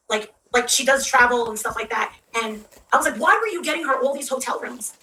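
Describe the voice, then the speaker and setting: Woman, high bright voice, heated profane rant, quoting others in put-on voices, a little off-mic, faint noise behind. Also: lively intonation, fast talker, distant mic, low-quality recording. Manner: heated, profane, acts out quotes with shifting voices. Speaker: creator telling a story to her audience. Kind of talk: ranting storytime.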